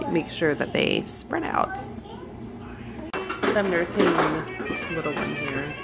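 Thirties mom, lively sing-song voice, gentle and soothing with her kids, home vlog. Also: low-pitched, drawn-out words, over loud music. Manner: soothing, cooing at children. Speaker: mother of twins and a newborn. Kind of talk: casual home vlog talking to toddlers. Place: family home with Christmas tree.

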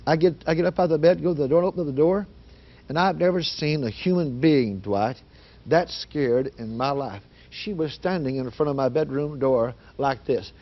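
A man with a fairly high voice tells a personal testimony with fervent feeling, dropping low and then rising into loud, pleading prayer. The audio is dull and lo-fi, like a 1980s broadcast. He tells the story in the manner of a preacher. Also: normal speed. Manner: fervent, swings from hushed to yelling prayer. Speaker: guest giving testimony.

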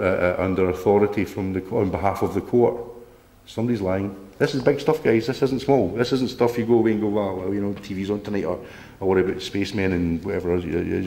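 A man's voice: fairly low pitch, creaky, darkish tone, roomy sound. A man giving an emphatic, indignant public talk to an audience, rambling with restarts and the odd swear word. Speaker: speaker at a public meeting.

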